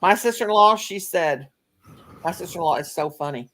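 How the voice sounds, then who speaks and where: A woman's voice: on the low side, lively intonation, a little fast, fairly bright tone. A middle-aged woman hosting a casual family chat, rambling and telling stories with a lot of laughter. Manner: rambling, chatty storyteller who laughs a lot. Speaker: channel host.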